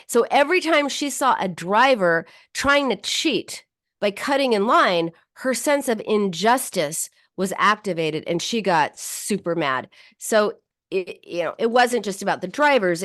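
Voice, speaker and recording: A woman psychotherapist hosts a talk podcast and walks through a client's story in plain explanatory speech. Her pitch rises and falls in a lively way, and she often restarts her sentences. The recording is close and dry. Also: no room sound. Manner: explanatory, warm-paced storytelling with frequent "you know" and restarts.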